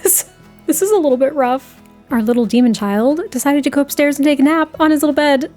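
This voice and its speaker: Woman, young adult, casual gameplay commentary, chatty and laughing, bright higher voice. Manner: chatty, laughs often, excitable outbursts.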